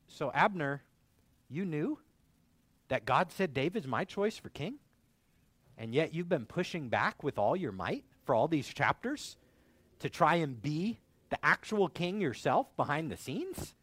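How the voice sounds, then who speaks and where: A man preaching a sermon in an animated way, acting out the dialogue of biblical figures in different voices. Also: a little high, a little slow, no room sound. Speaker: pastor.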